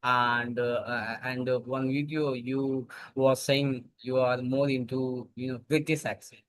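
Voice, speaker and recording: A man with an Indian accent in a casual English practice chat, halting and searching for his words. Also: medium pitch, little pitch movement, no room sound, poor audio.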